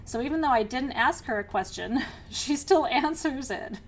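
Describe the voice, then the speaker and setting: A middle-aged woman teaching a class, energetic and outgoing, who laughs often and keeps checking in with her listeners. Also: sits high, normal speed, slight background noise. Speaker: spiritual teacher leading an online class. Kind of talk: teaching a live class to students.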